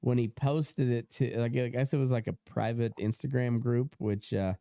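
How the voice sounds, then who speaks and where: A young man hosts a loose podcast conversation, rambling through fillers and restarts and breaking into laughter often. His voice comes through smooth and clear. The sound is dry and close, with no room in it. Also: medium pitch, fairly even intonation, normal speed, dark tone, dry recording. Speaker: podcast host. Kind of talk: casual podcast chat.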